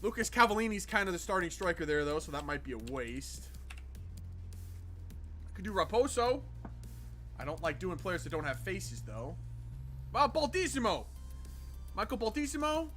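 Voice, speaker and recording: A man's voice: sits high, sing-song, moderate pace, pauses often, a bit bright, soft background music. A man hosting a gaming livestream, chatting casually with viewers in a jokey, sarcastic, rambling way. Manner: jokey and sarcastic, answers chat, rambling with restarts. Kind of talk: casual livestream chat while playing.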